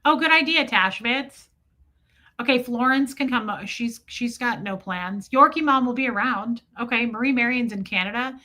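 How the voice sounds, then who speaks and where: Bright chatty woman livestream host. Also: on the high side, moderate pace. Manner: chatty, reads viewer names and comments aloud. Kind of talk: casual livestream chat. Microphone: streaming setup mic.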